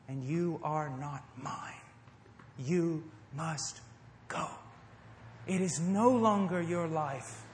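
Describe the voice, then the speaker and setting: A middle-aged man from the United States preaching a sermon to a congregation, moving between loud emphasis and hushed, tender passages. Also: high-pitched, slight background noise. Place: church service before a congregation. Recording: echoey hall.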